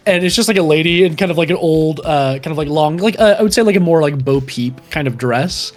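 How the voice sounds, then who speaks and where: A man's voice: fairly high pitch, brisk. Rambling young game master man. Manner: rambling, full of fillers and chuckles. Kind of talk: narrating a tabletop game.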